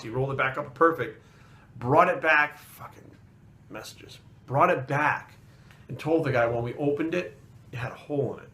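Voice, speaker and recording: Casual male fitness vlogger, mid pitch, profane and rambling storyteller. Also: fairly bright tone. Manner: heavy swearing, rambling asides.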